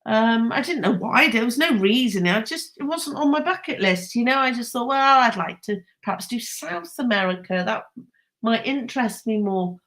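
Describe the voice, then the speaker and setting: A woman's voice: on the high side, expressive, normal speed, a bit bright. A woman, chatting casually with live viewers, enthusiastic and laughing often. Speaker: host.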